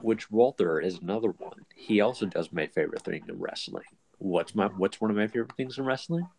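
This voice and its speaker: A young man with a somewhat low voice, giving his takes on wrestlers in a relaxed podcast chat. He keeps opening his points with "which" before building his argument. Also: brisk, rough recording. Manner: starts lines with "which", opinionated. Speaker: podcast co-host.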